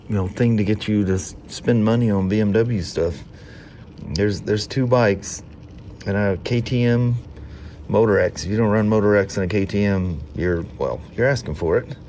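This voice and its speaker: Speaking at normal speed in a lowish, slightly mellow voice, a man with a hay-fever nasal tone chats casually in a motorcycle workshop vlog. There's a little hiss or hum, and he wanders along with restarts and quiet chuckles.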